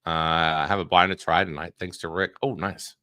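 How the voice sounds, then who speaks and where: A man's voice: sits low, steady tone, moderate pace, sharp tone, clean tone, dry recording, studio quality. A man co-hosting a casual live stream, chatting loosely with frequent restarts and filler words. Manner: rambling, restarts with many uhs. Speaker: co-host.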